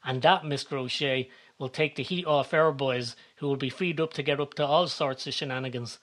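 A man voicing a sly, scheming fixer with a knowing, smooth manner. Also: medium pitch, a little fast, fairly bright tone, close to an everyday voice.

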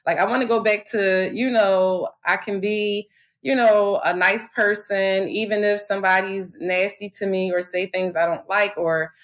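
A woman's voice: mid-range voice, fairly even intonation, moderate pace. A woman in her thirties, a podcast co-host, talking candidly and profanely in a casual chat, rambling with lots of fillers. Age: 30s.

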